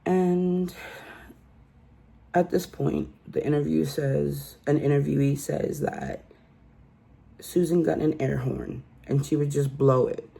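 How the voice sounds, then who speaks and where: A woman's voice: sits low, steady tone, slow pace, vocal fry, pauses often, warm tone, slightly rough. A woman hosting a casual true crime recap and telling the story in a chatty, incredulous way.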